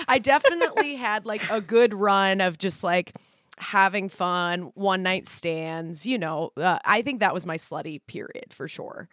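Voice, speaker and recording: A woman's voice: mid-range voice, a little slow, fairly bright tone, dry recording. A woman co-hosting a podcast, chatting casually and joking about herself. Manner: joking, self-deprecating. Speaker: podcast co-host. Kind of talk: casual chat.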